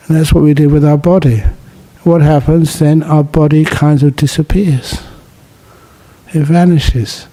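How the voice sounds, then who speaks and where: A Buddhist monk giving a relaxed dharma talk at a city meditation centre, teaching gently and mixing in humorous stories. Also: male voice, fairly high pitch, moderate pace. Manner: humorous, storytelling with jokes.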